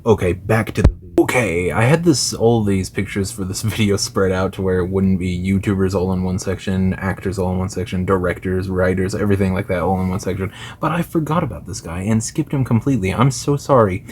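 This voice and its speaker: A man's voice: sits low, brisk, few pauses, darkish tone, a little hiss or hum. A man talking as a gaming YouTuber in loose, enthusiastic casual commentary, full of fillers and slang.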